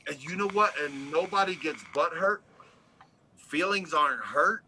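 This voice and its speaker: A man's voice: a little high, unhurried, slight background noise, poor audio. A man who supervises on an oil rig, talking bluntly and with plenty of swearing in a casual livestream chat. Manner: blunt, profane, animated storyteller.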